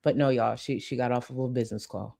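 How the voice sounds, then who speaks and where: A woman with a low voice hosts a reaction commentary rant. She mocks the clips she plays and talks back at them with plenty of sass. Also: fairly even intonation, fast, creaky, dark tone. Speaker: commentary channel host.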